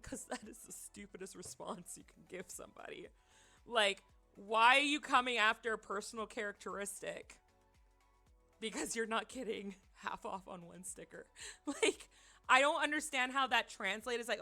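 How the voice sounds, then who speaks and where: Young woman, streamer, casual storytelling, bright tone, rambling with fillers, faint music behind. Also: on the high side, moderate pace. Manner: animated, rambling, many fillers and restarts.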